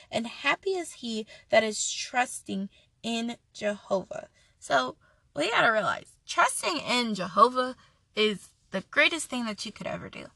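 A woman's voice: fairly high pitch, vocal fry, sharp tone, dry recording. A woman giving an earnest, chatty devotional talk and reading scripture aloud, often restarting her sentences. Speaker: devotional speaker.

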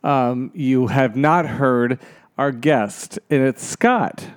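A man's voice: medium pitch, very slow, smooth, dry recording, clean studio sound. A man co-hosting a comedy podcast, joking in rambling, crude banter that trails off and restarts. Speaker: podcast co-host.

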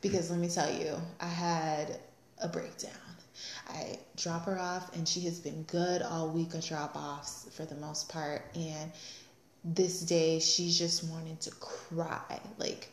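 A mom with a slightly low voice tells lively stories about her daughter, often laughing as she goes. The room is echoey, and there is a faint hiss of background noise. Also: slow. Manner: animated storyteller, laughing often. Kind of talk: casual chat.

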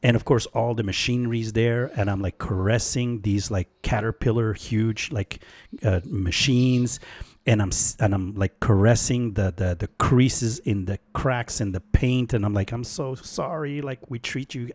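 A low-voiced man tells a story in an animated, laid-back way, filling his talk with "man" and "like". He is recorded close on a dry mic. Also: unhurried, no echo. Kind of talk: casual storytelling chat.

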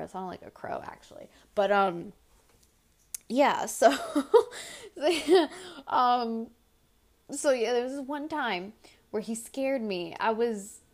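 Slow, rambling young woman podcaster. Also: on the high side. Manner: rambling, animated storytelling with filler words. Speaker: podcast host. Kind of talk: casual solo podcast chat.

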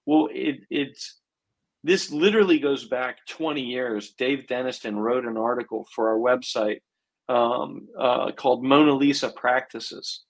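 This swim coach co-hosts a coaching podcast, rambling through casual chat full of "um," "you know," fillers, and restarts. He speaks in a mid-range voice at an unhurried pace, and the audio quality is poor.

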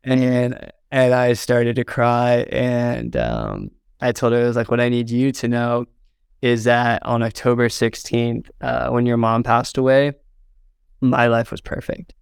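A young male videographer from southern Indiana, US, tells a heartfelt story as a podcast interview guest. His medium-pitched voice is unhurried with slight fry, recorded dry and close with no room sound. Earnest throughout, he fills with "like" and "um" and gets choked up.

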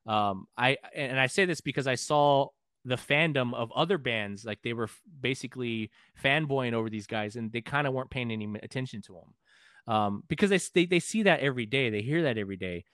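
A man's voice: medium pitch, brisk, a bit bright, dry recording, studio quality. A man from Texas, a podcast guest and musician, telling a story casually, profane and rambling with frequent restarts. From San Antonio, Texas.

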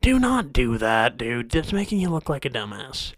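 A man's voice: mid-range voice, very animated, normal speed, few pauses, dry recording. Guy ranting and cussing about everyday stuff, fed up and mock-angry, dry close sound. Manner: exasperated, swearing, mock-angry outbursts. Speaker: host of a comedy rant show. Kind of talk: profane comedic rant.

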